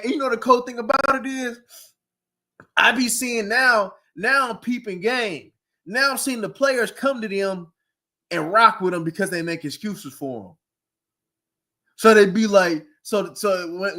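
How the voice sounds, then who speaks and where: A man, ranting casually about football, animated and mocking, often breaking into laughs and loud outbursts. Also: high voice. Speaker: sports commentator. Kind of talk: casual sports rant. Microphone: streaming mic.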